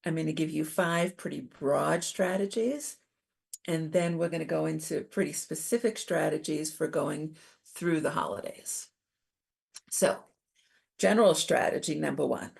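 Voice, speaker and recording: A middle-aged woman giving a calm, explanatory talk on coping with stress, as presenter. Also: low-pitched, creaky, slightly rough. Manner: calm, validating, explains step by step.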